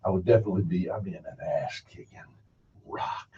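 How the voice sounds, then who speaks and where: A man hosting a casual local radio talk show, joking and animated with his guests. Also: low voice, a little fast. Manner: animated, jokey, self-deprecating. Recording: distant muffled radio studio sound.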